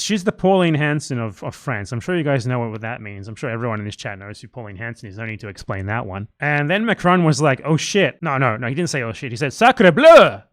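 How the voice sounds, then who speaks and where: A man's voice: medium pitch, a bit bright, no room sound. Sarcastic man ranting on a livestream. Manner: sarcastic, profane, rambling. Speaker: livestream commentator. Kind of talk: casual livestream rant.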